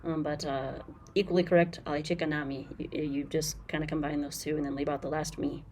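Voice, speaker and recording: Woman doing a patient language teacher, low-voiced, repeats phrases slowly. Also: fairly even intonation, a little mellow, slight background noise. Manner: frank and critical of the translations. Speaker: Swahili teacher. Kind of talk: casual screen-recorded lesson commentary.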